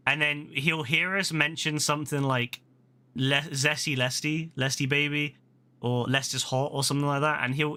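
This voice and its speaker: A man giving casual, rambling gameplay commentary as a streamer, playful and quick to swear and laugh. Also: fairly high pitch, pushed and bright. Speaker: gaming streamer.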